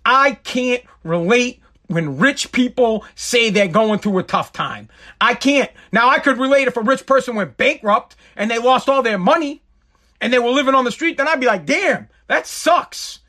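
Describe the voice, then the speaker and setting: A man's voice: extremely high pitch, moderate pace. A man delivering a heated, profane comedic rant as a show host. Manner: profane, heated, animated ranting.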